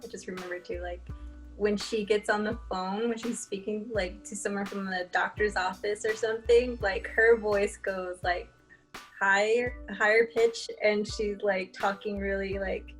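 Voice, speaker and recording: Young woman, mid-pitched, giggly and amused in casual chat, with faint music behind her. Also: steady tone, moderate pace, rough recording. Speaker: podcast co-host.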